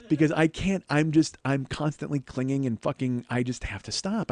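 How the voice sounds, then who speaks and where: A man's voice: fairly high pitch, fairly quick, hardly any pauses, a little mellow, no echo. A man in his forties hosting a podcast, telling stories in a rambling, self-deprecating and profane way. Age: 40s. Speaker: podcast host. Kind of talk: comedic storytelling monologue.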